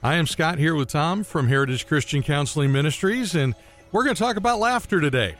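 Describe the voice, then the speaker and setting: A man's voice: fairly high pitch, lively intonation, brisk, fairly bright tone, soft background music. A man hosting a Christian radio talk show, bantering and telling dad jokes. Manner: joking, playful banter. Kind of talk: casual chat with dad jokes.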